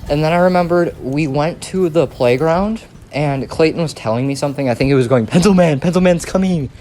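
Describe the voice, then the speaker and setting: A man's voice: a little high, brisk, a little mellow, slight background noise. A young man telling a rambling, profane story in a casual vlog. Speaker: storytime vlogger.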